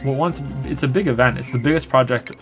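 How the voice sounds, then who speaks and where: A man's voice: mid-range voice, quick pace, music in the background. A man casually answering chat questions on a live stream while playing a game, rambling with frequent restarts and fillers.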